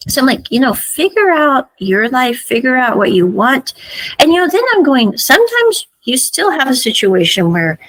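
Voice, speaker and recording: A woman's voice: high-pitched, very animated, moderate pace, fairly bright tone, dry recording, poor audio. Chatty woman podcaster, dry close sound. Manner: chatty, retells scenes with lots of "I'm like". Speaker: podcast host reviewing a series. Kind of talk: casual recap and review.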